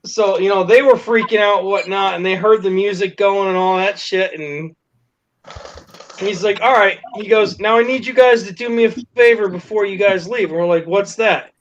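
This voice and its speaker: A man's voice: high-pitched, moderate pace. A man telling a story casually to friends, laughing, swearing and acting out the quotes. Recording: dull lo-fi recording with faint noise.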